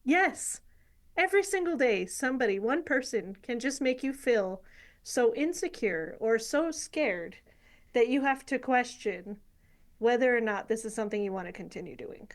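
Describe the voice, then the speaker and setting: A woman's voice: a little high, animated, moderate pace. A woman hosting a casual interview, reacting with laughs and asking follow-up questions. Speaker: podcast host.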